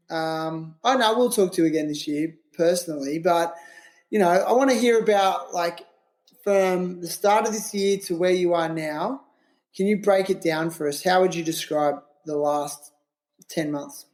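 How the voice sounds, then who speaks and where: A man's voice: high-pitched, normal speed, a little mellow. A man hosting a podcast, asking questions in a teasing, jokey way with lots of fillers. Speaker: podcast host. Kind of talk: casual interview chat.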